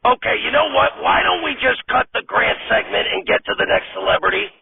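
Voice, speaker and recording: A man's voice: high-pitched, lively intonation, a little fast, vocal fry, noisy background, voice pushed up, heavily acted. A man voicing a bossy, foul-mouthed male sketch director who talks in a pushy, whiny way. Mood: exasperated. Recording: tinny distant phone-like sound.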